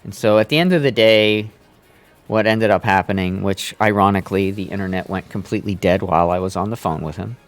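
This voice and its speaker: A man's voice: lowish voice, brisk. A man streaming live, telling a long rant in a casual, exasperated way with plenty of profanity. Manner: exasperated, profane, building anger.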